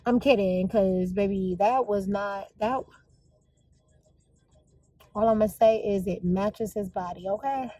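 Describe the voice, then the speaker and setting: A woman's voice: mid-range voice, slow pace, long pauses, warm tone, dry recording, low-quality recording. A woman vlogging in a casual, confessional way, chatty and gushing as she talks to her viewers.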